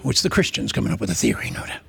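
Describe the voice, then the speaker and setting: A man preaching a humorous sermon, sarcastic and animated, slipping into mock voices. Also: on the low side, rapid-fire, vocal fry, slightly rough.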